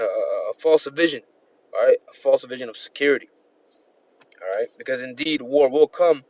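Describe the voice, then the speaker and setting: A man's voice: medium pitch, a little mellow, lo-fi sound. A man preaching an informal sermon, reading scripture and rambling with constant "man" and "all right" fillers. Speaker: street-style preacher.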